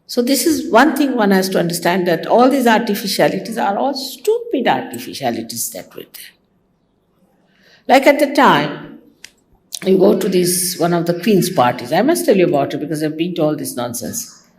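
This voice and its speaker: An older woman from India gives a devotional talk in an easy, conversational way. Her voice sits fairly low but moves in lively, animated swings. She teases her listeners and leaps up in pitch to mimic other people. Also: moderate pace. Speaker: spiritual teacher. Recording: archival talk recording.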